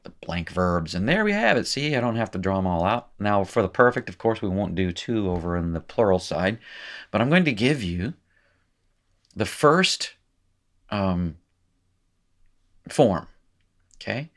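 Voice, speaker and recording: Man teaching a lesson, very low voice, casual and chatty, corrects himself on the fly. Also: sing-song, measured pace, long pauses. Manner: casual, thinks aloud with fillers and self-corrections. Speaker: language teacher. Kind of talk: recorded lecture at a whiteboard.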